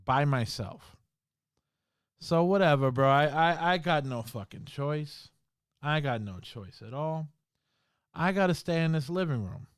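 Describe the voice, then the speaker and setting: A man's voice: fairly high pitch, animated, unhurried, clear, resonant tone, no room sound, studio quality. Slangy man telling a ghost story. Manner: swearing, slangy, full of "bro" and "you know"; drops to a hushed voice in the scary parts. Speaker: podcast host. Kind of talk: casual storytelling.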